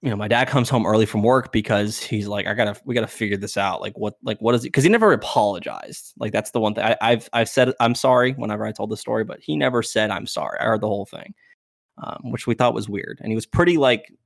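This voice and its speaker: A man's voice: fairly low pitch, expressive, fairly quick, creaky, no room sound, studio quality. A young man in casual storytelling, rambling with many fillers and acting out quotes in a raised voice. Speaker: podcast guest.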